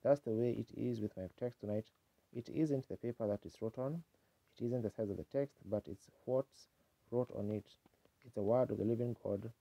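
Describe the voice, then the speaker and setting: Man preaching, folksy and earnest, dark husky voice, muffled old tape. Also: medium pitch, moderate pace, dry recording. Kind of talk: sermon. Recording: dull lo-fi 1950s tape, dry.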